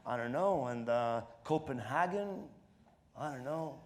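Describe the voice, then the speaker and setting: A middle-aged man from Morocco with a French accent, a comedian being interviewed on stage, who laughs often, acts out voices and talks in halting bursts with many fillers. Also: mid-range voice, expressive. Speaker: comedian guest.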